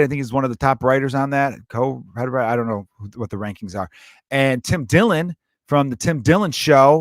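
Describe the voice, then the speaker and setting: A man's voice: mid-range voice, a bit bright, dry recording, clean studio sound. Casual, profane man hosting a podcast. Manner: rambling, profane, jokey. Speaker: podcast host. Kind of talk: casual solo podcast talk.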